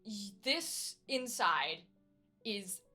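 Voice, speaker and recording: A woman's voice: medium pitch, expressive, extremely slow, pushed and bright, faint music behind. A woman narrating as game master, describing scenes casually with many fillers.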